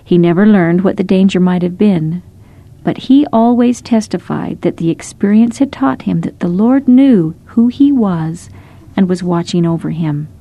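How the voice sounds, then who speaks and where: A woman narrating short scripted stories in a gentle, measured storytelling manner. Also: fairly low pitch.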